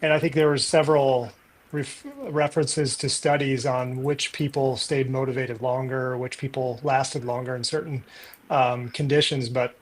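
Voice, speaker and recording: A man's voice: mid-range voice, flat delivery, moderate pace. Thoughtful man rambling aloud. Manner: rambling, thinking aloud with many fillers. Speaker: podcast co-host. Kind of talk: casual book discussion.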